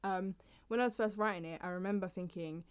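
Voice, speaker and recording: A woman's voice: mid-range voice, brisk, smooth. A young woman vlogger talking casually about her poems and reading them, rambling and interrupting herself as she goes. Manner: rambling, chatty, self-interrupting. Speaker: poetry vlogger. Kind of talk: casual chat and poetry reading. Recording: slightly dull lo-fi sound.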